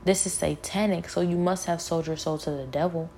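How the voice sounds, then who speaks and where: A woman's voice: lowish voice, steady tone, a little fast, mellow, slight background noise. A woman telling a personal spiritual testimony in an earnest, emotional way, often repeating her words.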